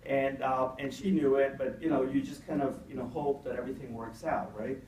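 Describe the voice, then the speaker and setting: A man's voice: medium pitch, fairly even intonation, fairly quick, darkish tone. Rambling middle-aged man in echoey hall. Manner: rambling, frequent "you know" fillers. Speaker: keynote speaker. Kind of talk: anecdotal keynote storytelling. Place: event hall. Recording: echoey hall from far off, faint noise.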